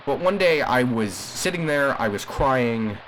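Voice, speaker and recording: A man's voice: mid-range voice, animated, a little slow, fairly bright tone, a little hiss or hum, low-quality recording. A man voicing an agitated caller on a radio broadcast in an audio drama, speaking emphatically and rambling with frequent restarts. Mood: indignant. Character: agitated male radio caller defending a cursed family.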